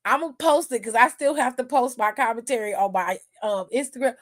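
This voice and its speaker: Sassy, profane woman, a little high. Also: expressive, fairly quick. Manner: sassy, profane, laughs often. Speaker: wrestling aftershow host. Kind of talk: casual commentary stream.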